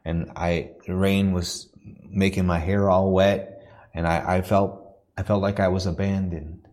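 A deep-voiced man preaching in a church. He tells a personal story earnestly, in halting phrases, then builds into a rhythmic preaching cadence. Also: level tone, darkish tone. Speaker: missionary preacher.

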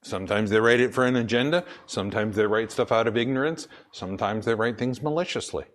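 A man preaching a sermon emphatically, slowing down to stress his points and asking questions that he answers himself. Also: fairly low pitch.

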